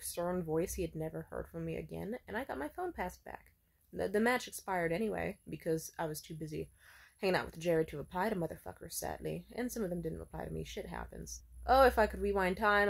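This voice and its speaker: Brief: young adult woman, slightly low voice, loose profane rambling vlog talk. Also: gravelly. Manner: rambling, profane, heavy on filler words. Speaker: vlogger. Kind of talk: casual monologue.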